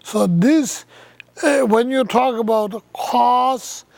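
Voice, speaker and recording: Slow gravelly man giving a dharma talk. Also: very high-pitched, a little mellow, no room sound. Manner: slow, halting, thoughtful with many pauses; non-native English phrasing. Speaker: Buddhist teacher.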